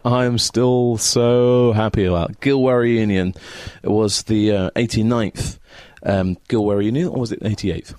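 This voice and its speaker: A man's voice: lowish voice, steady tone, a little slow, hardly any pauses, a little mellow, dry recording. A man hosting a casual solo podcast from his home, chatting in a rambling, easily distracted way as a Scout leader. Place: at home by a window.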